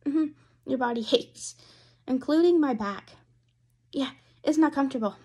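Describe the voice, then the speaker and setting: A young woman with a fairly high voice chats casually in a taste-test vlog, rambling and giggly. She sounds slightly hoarse, as if losing her voice, talking indoors at home. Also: normal speed, long pauses, a little mellow. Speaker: vlogger.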